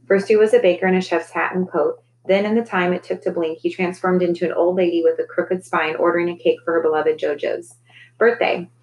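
A woman, a teacher, reading a children's novel aloud in a gentle, clear storytelling manner. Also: on the low side, steady tone, a little fast, poor audio.

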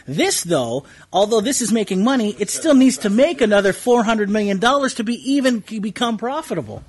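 A man co-hosting a movie chat show, his voice sitting on the high side and swinging widely in pitch. There is a husky edge to it, and he leans into his points by repeating words. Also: sing-song, fairly quick. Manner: emphatic, repeats words when pressing a point. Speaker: podcast co-host. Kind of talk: casual panel chat about movies.

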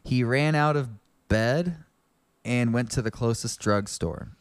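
A man co-hosting a podcast, casually reading fan fiction aloud in a deadpan way with wry asides. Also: medium pitch, measured pace, clear, resonant tone, no room sound. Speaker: podcast co-host.

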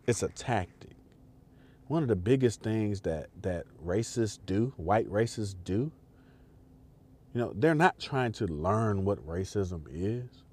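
A man's voice: on the low side, darkish tone, husky. Guy on his podcast going off, preachy and repetitive, swears a lot, voice all over the place. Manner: emphatic, repetitive, profane, preaching directly to listeners. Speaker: podcast host. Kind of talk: impassioned political commentary monologue.

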